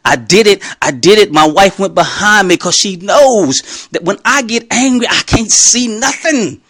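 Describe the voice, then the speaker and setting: A man giving an animated Christian testimony, emphatic and talking straight to his listeners. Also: high-pitched, unhurried, no echo. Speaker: Christian speaker.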